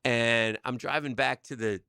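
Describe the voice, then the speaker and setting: A man co-hosting a sports radio show, telling stories with animated delivery and quick restarts in a radio studio. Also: mid-range voice, clear, resonant tone, dry recording. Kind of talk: casual sports radio banter.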